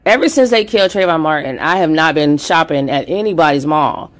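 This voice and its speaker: A woman's voice: deep voice, lively intonation, brisk. A woman giving a blunt, heated commentary monologue, with frequent swearing. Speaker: commentary vlogger.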